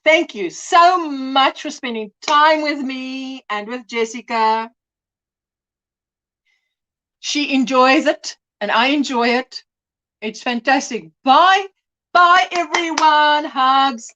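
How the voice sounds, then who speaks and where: A woman's voice: high voice, takes it slowly, fairly bright tone. A woman hosting a casual crochet livestream, chatting, reading out viewer comments and laughing often.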